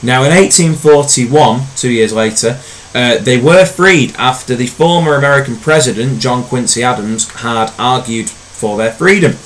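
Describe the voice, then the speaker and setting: A man teaching a recorded history lesson in a relaxed, conversational way, with frequent ums and uhs. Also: mid-range voice, moderate pace, hardly any pauses, slight background noise, poor audio.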